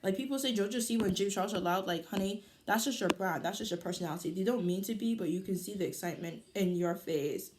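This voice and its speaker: A teenage girl telling a storytime on her vlog in a loud, animated, chatty way. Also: mid-range voice, fast, hardly any pauses, slight background noise. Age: teens. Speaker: vlogger. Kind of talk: casual storytime.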